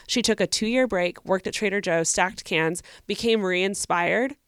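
A young woman co-hosts a podcast and answers a listener with earnest, encouraging advice. She talks casually, at a medium pitch. The recording is dry and close. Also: unhurried, fairly bright tone, clear, resonant tone, no room sound. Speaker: podcast co-host.

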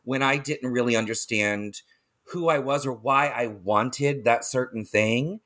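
A man's voice: medium pitch, measured pace, fairly bright tone. A man hosting a podcast, chatty and gushing, rambling into side stories and laughing often. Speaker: podcast host. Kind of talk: casual interview chat.

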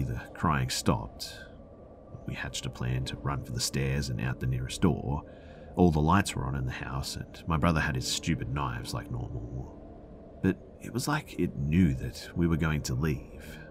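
Very deep-voiced man reading a scary story. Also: a little hiss or hum. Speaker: story narrator.

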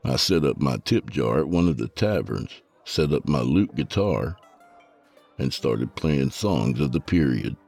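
A man narrating a first-person story with a gravelly, husky voice. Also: a bass voice, lively intonation, measured pace, darkish tone, no echo, faint music behind.

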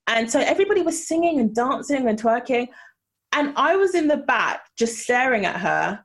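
A woman's voice: fairly high pitch, sing-song, normal speed. A young woman from the UK, a podcast guest and author, telling emotional stories with lots of laughter. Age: young adult. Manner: gushing, laughs often, emotional storytelling. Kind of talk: candid interview chat.

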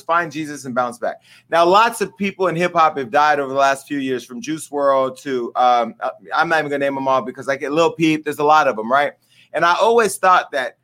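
Bright-voiced man hosting a commentary show. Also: fairly high pitch. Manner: candid, emotional, talks straight to viewers. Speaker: host.

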